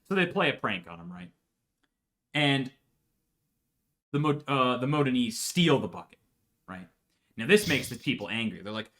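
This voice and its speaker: A man's voice: mid-range voice, very animated, moderate pace, pauses often, sharp tone. A man telling a history story for laughs in a profane, rambling way, often checking in with "right?". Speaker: podcast host.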